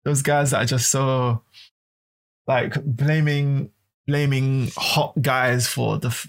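A man hosting a podcast in a casual, animated way, often repeating his words. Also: mid-range voice, creaky. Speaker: podcast host.

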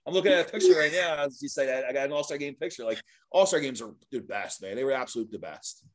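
A guest who's been a sports mascot for years, this middle-aged man speaks fast in a mid-range voice. He tells casual, animated stories, frequently laughing and acting out others' words.

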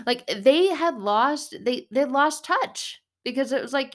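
A woman in her thirties talking about faith in a casual, rambling way, getting animated and sometimes singing short lines. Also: sits high, takes it slowly, hardly any pauses. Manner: animated, rambling, breaks into song. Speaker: vlogger.

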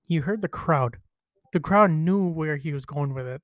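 Podcast dude rambling about wrestling, kinda high voice, super dry close mic. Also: male voice, moderate pace, no room sound. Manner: rambling, restarts and retells quotes. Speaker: podcast host. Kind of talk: casual wrestling chat.

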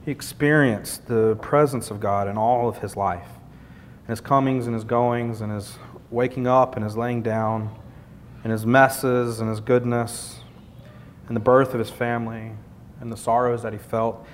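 A man's voice: steady tone, unhurried. A man preaching a sermon in an earnest, conversational way, building points through repetition. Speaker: pastor. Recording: long hall reverb, faint rumble.

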